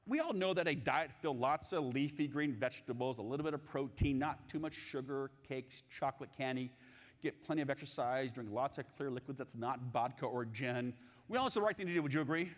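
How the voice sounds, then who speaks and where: Lively man giving an echoing keynote. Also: fairly high pitch. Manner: animated, jokey, asks audience questions. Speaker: keynote speaker on sales coaching. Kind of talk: live conference keynote. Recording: long hall reverb.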